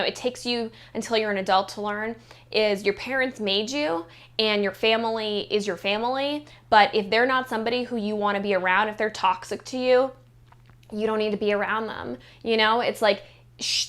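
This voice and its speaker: Sassy, profane woman with a bright voice. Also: mid-range voice. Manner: blunt and profane, heavy use of "like"; sassy, mocking commentary. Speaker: reality-show recap vlogger. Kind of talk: casual reality-show review monologue.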